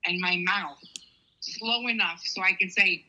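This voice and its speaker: A woman with a New York accent, co-hosting a casual podcast chat in a quick, playful, self-mocking way. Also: lowish voice, bright, forceful tone, dull audio. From New York area.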